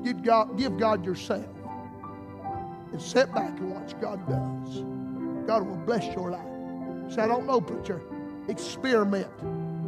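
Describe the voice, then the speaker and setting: A man's voice: high voice, slightly rough. A man preaching a fervent sermon with emphatic, rhythmic repetition.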